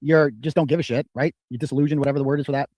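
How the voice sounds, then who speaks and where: A man's voice: mid-range voice, fairly even intonation, rapid-fire, darkish tone, dry recording. A man hosting a commentary show, talking in an indignant way. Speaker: host. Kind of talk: commentary reading messages.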